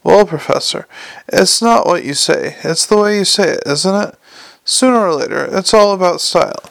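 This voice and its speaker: Storybook con man: male reader playing a persuasive smooth talker, gravelly edge. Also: high-pitched, expressive, moderate pace, pitched above the performer's own voice. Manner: glib and self-assured.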